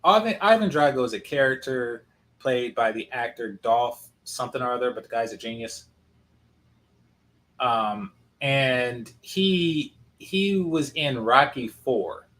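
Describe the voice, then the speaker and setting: A man's voice: medium pitch, expressive, a little slow, fairly bright tone. Blunt sarcastic male commentator. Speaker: commentator reacting to a clip. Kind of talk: casual reaction commentary.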